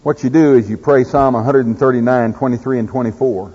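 A man's voice: mid-range voice, fairly even intonation, brisk, few pauses, dark tone, breathy edge. A man with an Oklahoma accent preaching a sermon in a folksy way, telling farm stories and reading scripture. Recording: echoey hall, dull lo-fi sound.

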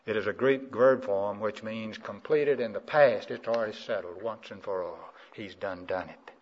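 A man's voice: normal speed, slightly rough. Man preaching, call and response. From South Carolina. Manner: call-and-response preaching, swings from low and quiet to loud and high. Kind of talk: sermon. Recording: muffled old sermon recording.

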